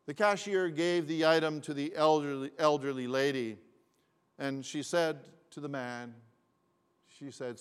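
A man preaching a sermon, telling a story slowly and deliberately with frequent repetitions. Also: a little high, steady tone, clean tone. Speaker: pastor. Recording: long hall reverb.

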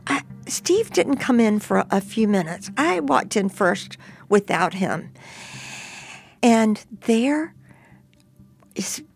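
A woman telling a personal story in an interview, emphatic and animated. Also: mid-range voice, creaky. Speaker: storyteller guest.

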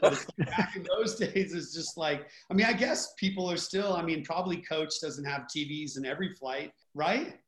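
A man's voice: fairly high pitch, moderate pace, hardly any pauses, fairly bright tone. A man in a casual podcast conversation, friendly and teasing, calling others dude and brother. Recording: roomy echo.

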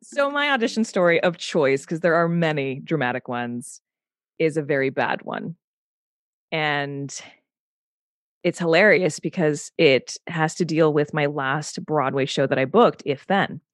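A woman guest telling a story in a casual, animated way, acting out the voices she quotes and swearing now and then. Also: deep voice, unhurried, no room sound, clean studio sound. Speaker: podcast guest.

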